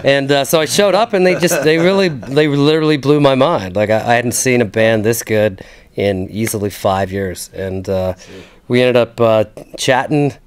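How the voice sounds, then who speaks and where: A relaxed man from Canada, a guitarist and producer, chats about working with a band. He stops and restarts often, leaning on fillers. His tone is friendly and loose. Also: mid-range voice. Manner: laughing, halting, many fillers. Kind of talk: casual chat. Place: recording studio lounge.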